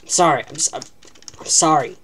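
A woman's voice: sits low, moderate pace, fairly bright tone, a little hiss or hum. A woman giving live, self-mocking commentary while playing a video game, talking to herself as she plays. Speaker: gaming channel host.

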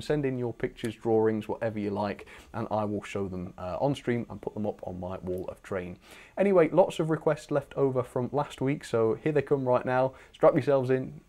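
Reading out requests from his viewers and putting their pictures on screen, a young British channel host keeps up a casual, enthusiastic stream chat. His voice sits at medium pitch, creaky but warm, and he often pokes fun at himself.

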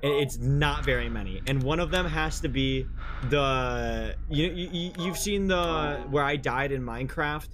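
A young man streaming a horror game, chatting casually in a rambling, halting way with frequent restarts. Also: mid-range voice, over music. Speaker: gaming streamer. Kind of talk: casual gameplay chat. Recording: noisy stream audio.

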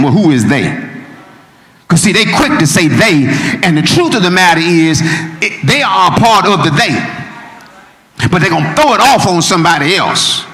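In a roomy church sanctuary, a male pastor with a slightly higher voice preaches a sermon that builds from steady teaching to ringing, shouted points. A long reverb lingers after his words.

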